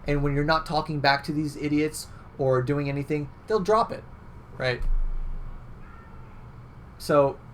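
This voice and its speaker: Fairly high-pitched and a little slow, the young man pauses often while offering laid-back game tips. He's chatty and loose, leaning on fillers and repeatedly adding "right?" Slight background noise sits under his voice.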